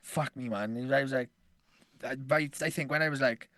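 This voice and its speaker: A man's voice: mid-range voice, moderate pace, a bit bright, no room sound. A man co-hosting a podcast in casual chat, rambling and swearing, often laughing. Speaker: podcast co-host.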